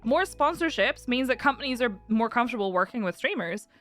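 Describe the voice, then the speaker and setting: Bubbly woman streamer chatting to chat, high bright voice, bouncy, lots of giggles, soft music behind. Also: fairly quick. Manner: giggly, animated, laughs often; coos in a soft baby voice to her pets. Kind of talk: casual live-stream chat.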